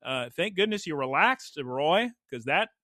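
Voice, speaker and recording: A man co-hosting a podcast, excitedly recapping an episode with hyped, animated storytelling. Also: on the high side, measured pace, dry recording, studio quality. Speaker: podcast co-host.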